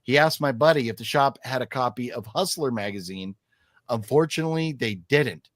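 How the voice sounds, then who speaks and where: A man's voice: mid-range voice, normal speed, no room sound, clean studio sound. A man hosting a casual live stream, chatting and reading viewer comments aloud with lots of fillers. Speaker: host.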